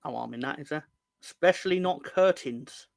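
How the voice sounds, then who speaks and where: A little high with vocal fry, the young man's voice moves at normal speed with no echo. He hosts a football fan livestream, chatting casually, joking and rambling, and teasing the chat as he reads comments.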